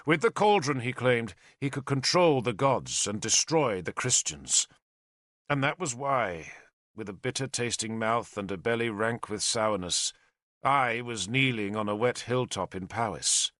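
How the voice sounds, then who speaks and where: A man reading a novel aloud as a first-person audiobook narrator, dramatic and expressive. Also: mid-range voice, a little slow, no room sound, clean studio sound.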